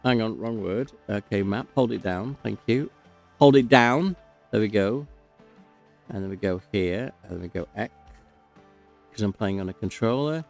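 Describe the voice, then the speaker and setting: A man's voice: fairly low pitch, moderate pace, vocal fry, pauses often, darkish tone, soft background music. A man giving casual, chatty gameplay commentary, talking to himself and cracking jokes as he plays. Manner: chatty, self-talking, jokey.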